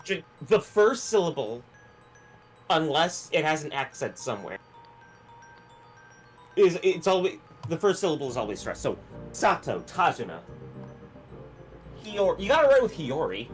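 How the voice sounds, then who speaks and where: A woman's voice: low voice, big pitch swings, normal speed, long pauses, faint music behind. A woman co-streaming a game in casual chat, blunt and explaining things, with some swearing.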